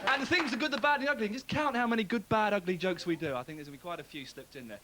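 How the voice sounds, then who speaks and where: A man's voice: high-pitched, rapid-fire. A man hosting a live stand-up comedy show, joking and mock-grumbling between introductions, on a hissy 1990s TV broadcast. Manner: rowdy, jokey, mock-grumbling. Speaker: host.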